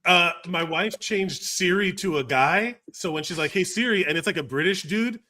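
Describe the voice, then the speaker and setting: A man's voice: high voice, normal speed, background noise. A man co-hosting a casual podcast chat, wordy and fond of explaining things at length. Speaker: podcast co-host.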